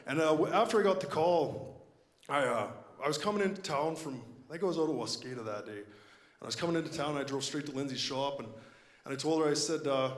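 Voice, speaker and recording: A man's voice: on the high side, fast. A man in his late twenties from Canada giving a candid personal testimony at a church service, plain-spoken with self-deprecating humor. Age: late 20s. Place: church sanctuary. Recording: echoey church hall.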